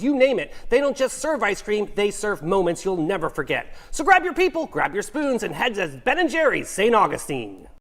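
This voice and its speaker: Woman, scripted ad read, upbeat and punchy, animated swoops in pitch, mid-range voice. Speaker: ad reader.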